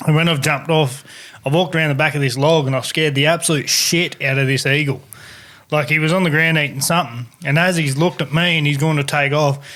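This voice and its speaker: A man's voice: a little high, a bit bright. An Australian man on a podcast telling a cheeky, laughing anecdote in casual chat.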